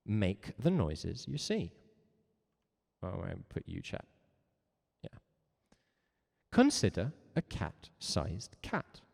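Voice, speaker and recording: A man teaching a live-streamed music lesson, playful and chatty, jumping up into high meows and moos. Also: vocal fry, darkish tone, big-room sound. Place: home room with a cello on the wall.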